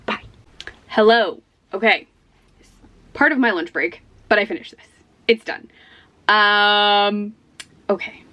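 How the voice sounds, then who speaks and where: A woman's voice: medium pitch, takes it slowly, pauses often, sharp tone. A woman chatting casually in a book vlog from her home office, stressed, rambling and self-deprecating, with little laughs between phrases. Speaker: book vlogger.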